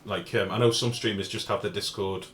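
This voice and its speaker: A man's voice: fairly low pitch, fairly even intonation, a little fast, a bit bright, a little hiss or hum. A man, streaming a game live and chatting casually while reading out chat messages and swearing freely.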